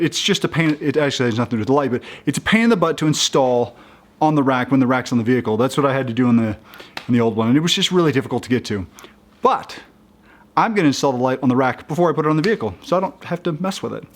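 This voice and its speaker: Chatty halting man in a how-to video. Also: mid-range voice, expressive. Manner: halting, with many restarts and fillers; chatty and upbeat. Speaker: vlogger installing a roof rack. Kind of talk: casual how-to talk.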